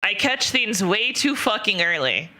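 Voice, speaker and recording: A young woman streaming and chatting casually, her tone very bright and edged. She rambles and restarts, leaning on fillers and cursing freely. Her pitch sits in an ordinary middle range. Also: sing-song, measured pace. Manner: rambling, profane, frequent fillers. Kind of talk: casual storytelling chat.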